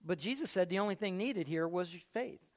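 High-voiced man preaching a sermon. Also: animated, brisk. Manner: storytelling, swings from hushed to loud.

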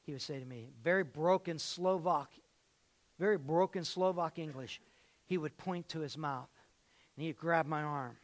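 A man preaching a sermon as pastor, telling stories and repeating phrases, swinging between loud and hushed. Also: a little high, moderate pace.

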